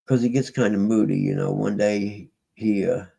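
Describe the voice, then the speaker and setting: A man with a low, heavily gravelly voice talks casually to his stream viewers. He rambles in a folksy way, trailing off and restarting. His tone is dark, mellow and husky. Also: fairly even intonation, moderate pace, rough recording. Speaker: livestream host.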